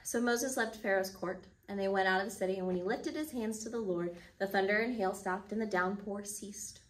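Expressive woman telling a Bible story. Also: mid-range voice, normal speed, recorded from a distance, poor audio. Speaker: children's ministry teacher. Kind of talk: Bible story told to children.

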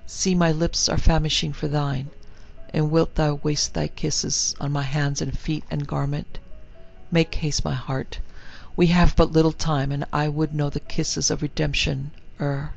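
A man's voice: on the high side, level tone, a little slow, vocal fry, soft background music, rough recording. A man voicing the tender ghost of a young girl, trembling and yearning, in a storybook reading. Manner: trembling, yearning, archaic speech.

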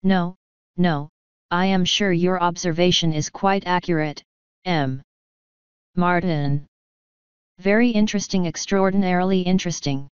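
An audiobook's calm older detective , read by a woman, laying out his logic in slow, exact steps. her voice sits low and very smooth. the recording is dry and a little dull. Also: no room sound, lightly acted. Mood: intrigued. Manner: measured, precise reasoning.

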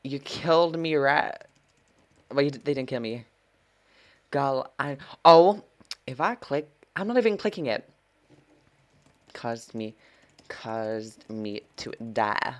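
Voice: medium pitch, expressive, slow, pauses often. A gameplay streamer giving live commentary, full of sassy trash talk, swearing and dramatic gasps.

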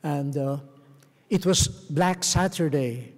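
A middle-aged man from the Philippines, a cardinal, giving a gentle storytelling talk with soft chuckles to a theatre audience. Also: on the high side, slow pace. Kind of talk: homily-style talk to a live audience. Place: large theatre. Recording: long reverb of a large theatre.

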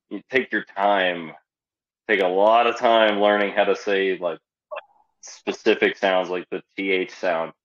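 A man as a guest speaker giving relaxed, easygoing advice in an online Q&A over a video call. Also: sits low, muffled recording.

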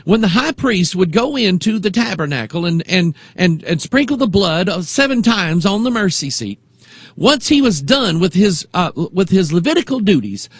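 A man preaching a sermon as pastor, moving between quiet reflection and rising, emphatic delivery. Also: high-pitched, husky, no room sound.

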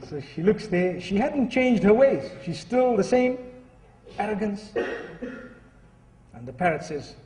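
A man's voice: high-pitched, very animated, a little slow, long pauses, background noise. A man preaching a sermon in an earnest, storytelling way. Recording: echoey hall from far off.

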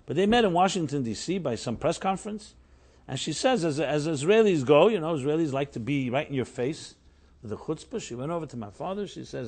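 A middle-aged man, a rabbi, giving a Torah class, telling a story with emphatic rises and animated delivery. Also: a little high, moderate pace, slightly rough.

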